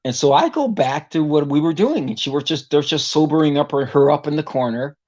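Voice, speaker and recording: A man's voice: fairly high pitch, animated, brisk, darkish tone, dull audio. A man, a singer, talking as a guest in a casual interview and telling a long story that rambles and is full of "you know" fillers. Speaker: guest vocalist.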